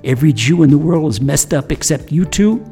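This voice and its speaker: A man doing a stern father hissing a forceful whisper. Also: on the high side, expressive, brisk, faint music behind. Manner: forceful hissed whisper through clenched teeth. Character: stern older father, furious but restrained.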